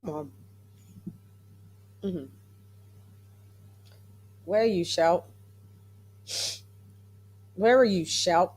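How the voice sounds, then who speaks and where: A playful English livestream host runs a casual boxing chat, introducing guests with sing-song jingles and chatting in asides. She talks extremely slowly, pausing often, in a lowish, darkish voice that is slightly rough.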